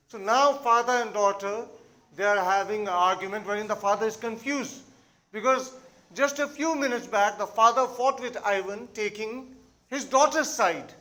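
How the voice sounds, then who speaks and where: A man's voice: high voice, normal speed, sharp tone. A man with an Indian English accent, teaching and explaining a play to his students, checking in with "all right?".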